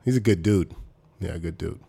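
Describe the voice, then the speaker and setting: 40s guy, ex football player, low voice, tells stories animated, does the voices. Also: fairly quick, vocal fry, husky. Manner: animated, acts out quoted voices with big pitch jumps. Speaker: former pro football player, podcast guest. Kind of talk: casual storytelling chat.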